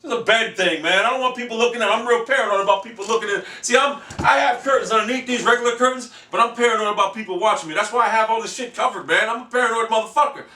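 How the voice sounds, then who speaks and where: A man ranting in a video blog, profane and rambling, who breaks into shouts, recorded in a back room of his house. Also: high voice, recorded from a distance. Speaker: video game vlogger. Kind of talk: profane game-console rant. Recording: echoey room, voice off-mic.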